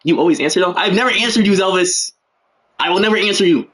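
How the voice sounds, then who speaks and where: A man's voice: high-pitched, quick pace, a bit bright. A young man giving casual, joking play-by-play commentary on a livestreamed game, full of slangy asides and rambling.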